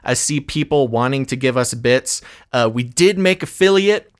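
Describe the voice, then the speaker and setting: A man's voice: mid-range voice, lively intonation, normal speed, clean tone. Guy cohosting a live stream, chatty and loose, reads news out with little jokes. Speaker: co-host of a news talk show. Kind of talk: casual live-stream chat and article reading.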